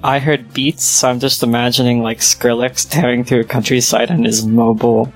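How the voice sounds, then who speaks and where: A woman's voice: a bass voice, little pitch movement, moderate pace, faint music behind, low-quality recording. A woman making dry sarcastic jokes in casual podcast banter. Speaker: podcast co-host. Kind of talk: casual chat.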